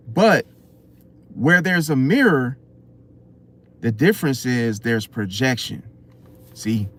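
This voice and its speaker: A man hosting an astrology channel, giving an unscripted motivational talk full of rhetorical questions and repeated "see?". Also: on the high side. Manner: preachy, rhetorical questions, keeps saying "see?".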